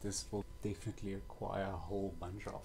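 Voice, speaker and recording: A man's voice: low-pitched, flat delivery, brisk, gravelly, dark tone, slight background noise. A young man reviewing a toy kit in a casual vlog, muttering and sighing with exasperation as he paints.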